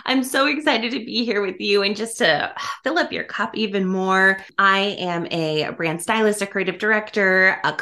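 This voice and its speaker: Woman, podcast guest, effusive, laughs a lot, casual talk, medium pitch. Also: normal speed, hardly any pauses, sharp tone. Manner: effusive, laughs often while talking.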